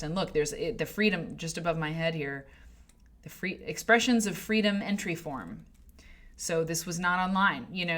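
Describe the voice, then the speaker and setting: A woman's voice: lowish voice, a bit bright. A woman hosting a quilting livestream, chatting casually and rambling with restarts and asides to her viewers. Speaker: host of a quilting livestream show.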